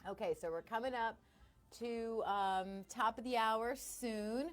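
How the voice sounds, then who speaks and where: A woman's voice: fairly high pitch, measured pace, soft background music. A middle-aged woman radio host chatting casually on a live stream from her studio, bubbly and self-deprecating.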